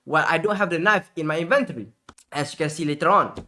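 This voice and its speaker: A male streamer telling a storytime vlog in an animated, exasperated way, full of slangy asides. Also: a little high, quick pace.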